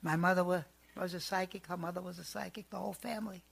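A woman who works as a psychic, telling family stories in a chatty, animated and emphatic way. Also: on the low side, quick pace, gravelly, slightly rough. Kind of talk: storytelling monologue.

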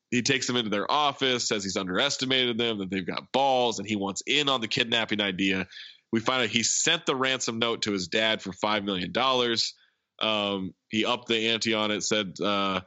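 A man's voice: lowish voice, normal speed, pushed and bright, no echo, dull audio. A man hosting a podcast, casually recapping a film as a chatty storyteller who acts out the lines. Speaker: podcast host.

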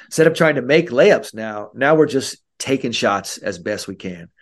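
A man's voice: mid-range voice, expressive, normal speed. A man who is a mental skills coach, speaking as a podcast guest and acting out kids' and coaches' voices. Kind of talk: podcast interview.

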